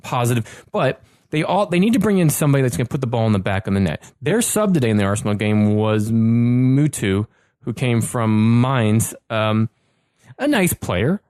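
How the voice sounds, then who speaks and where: A man hosts a relaxed podcast chat, jumping in eagerly and stumbling over his words as he rushes ahead. His voice sits at an ordinary middle pitch. The recording is dry, with no room sound. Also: no echo. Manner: quick, eager talker who trips over words. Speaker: podcast host. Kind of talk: casual chat.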